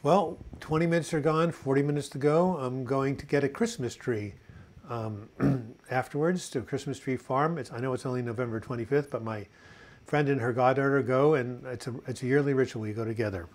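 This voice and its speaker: Man, 60s, live-stream host, chatty, corny jokester, mid-pitched voice. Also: brisk. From United States. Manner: chatty, tells corny jokes and puns, reads viewer comments aloud. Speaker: host of a live video chat on mental health. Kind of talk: casual live-stream chat.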